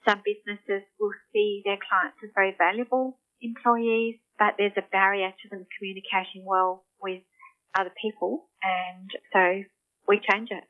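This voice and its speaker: A woman speech pathologist explaining her work clearly in an interview. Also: mid-range voice, level tone, normal speed. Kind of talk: interview answers. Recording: tinny phone line.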